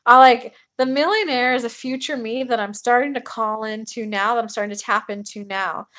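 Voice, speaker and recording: A woman's voice: a little high, a little fast, hardly any pauses, pushed and bright. A young woman hosting a casual livestream, talking bluntly, swearing freely and answering viewers' comments. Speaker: spiritual channel host.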